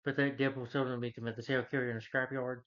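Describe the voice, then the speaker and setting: Male reviewer, middle pitch, casual rambling plot recap with chuckles, dull lo-fi sound. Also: little pitch movement, rapid-fire, fairly bright tone. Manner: rambling, chuckling, restarts, acts out quotes in a higher voice. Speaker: movie reviewer. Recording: dull lo-fi recording.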